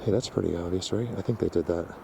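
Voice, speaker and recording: A man filming an outdoor vlog, talking excitedly in a rambling way, stumbling over and repeating his words into a handheld camera mic. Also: low voice, fast talker, vocal fry. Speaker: outdoor vlogger. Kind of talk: walking vlog commentary. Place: outdoors in wild country. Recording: outdoor noise behind.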